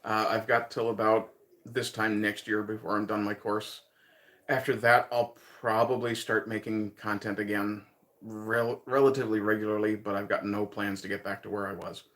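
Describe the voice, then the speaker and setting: Here the Newfoundland host talks to his stream viewers in a low, slightly bright voice, delivered flatly at normal speed. His light Newfoundland accent comes through as he rambles casually, chuckling and thinking aloud.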